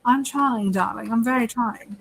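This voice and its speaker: A woman's voice: on the high side, moderate pace, creaky, breathy edge, rough recording. A woman putting on a posh, affected British accent, drawling and calling people darling. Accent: British, put on.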